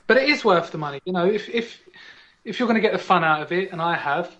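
A man's voice: high voice, animated, quick pace, fairly bright tone, dull audio. A man co-hosting a podcast, rambling and joking in casual chat. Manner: rambling, digressive and jokey. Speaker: podcast co-host.

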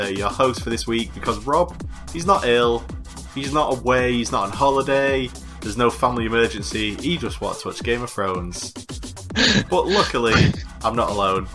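Guy hosting a podcast, bright crisp voice, dry teasing jokes, faint music under. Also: medium pitch, normal speed. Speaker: podcast host. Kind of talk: casual chat.

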